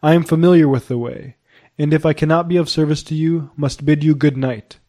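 A man reading the part of a quick, spirited young lady with brisk, impatient replies, lifting his voice a little higher. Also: steady tone, dark tone, natural voice. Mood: polite.

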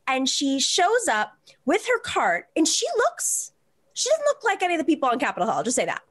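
A woman hosting a talk show, telling a personal story in a quick, animated way with many restarts. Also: sits high. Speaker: host.

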